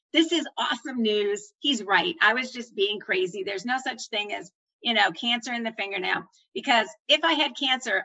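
A middle-aged woman telling her own story, acting out the voices of doctors and herself with animated swings of pitch. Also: breathy edge, rough recording. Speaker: former nurse manager telling her story. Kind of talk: personal storytelling.

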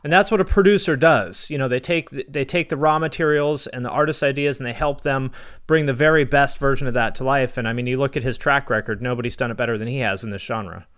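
A man hosting a podcast, chiming in with measured, explanatory remarks in casual interview chat. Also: mid-range voice, fairly bright tone. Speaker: podcast host.

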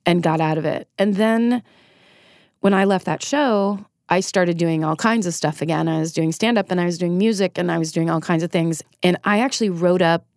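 A middle-aged woman from Northern California speaks in a lowish voice, recorded close and dry. She tells a personal story as a podcast guest, candid and emotional, now and then cursing for emphasis. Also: moderate pace, no room sound. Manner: emotional, frank, animated storytelling with swearing. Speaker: guest, comedian and TV writer.

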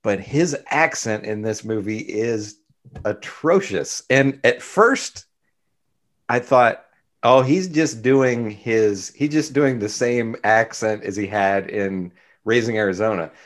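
A man's voice: fairly low pitch, animated, takes it slowly. A man co-hosting a podcast, reviewing a film in casual, laid-back chat with dry sarcasm. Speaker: podcast co-host.

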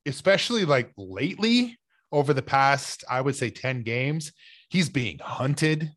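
A young man co-hosting a casual sports podcast, talking players over in a loose, animated way with lots of fillers. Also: mid-range voice, measured pace, dry recording. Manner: animated, speculative, many "like" fillers.

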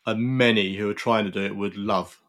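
A man's voice: on the low side, steady tone, fairly quick, a bit bright. A man hosting a casual interview, asking reflective questions in a conversational way. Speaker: interview host.

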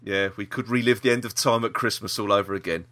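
A man's voice: fairly low pitch, fast, a bit bright. A man co-hosting a casual podcast chat, rambling with restarts and laughter. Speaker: podcast co-host.

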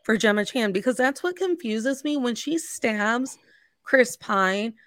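A woman co-hosting a casual film chat, lively and joking, with casual swearing. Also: fairly high pitch, unhurried, dry recording. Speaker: podcast co-host.

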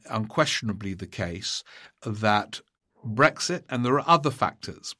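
A man hosting a political talk show, giving measured commentary and reading out listener emails, with frequent small pauses. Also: on the low side, a bit bright. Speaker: podcast host.

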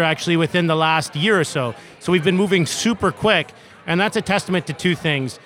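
A man's voice: on the high side, fairly bright tone. A man, a tech company co-founder, giving eager interview answers with lots of fillers and restarts, recorded outdoors in a city.

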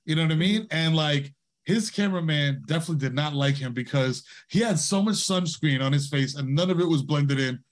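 A man with an American accent talking casually as a podcast guest, in loose street slang packed with "like" and "you know." His voice sits a bit high for a man. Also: brisk. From United States. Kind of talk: casual chat, storytelling.

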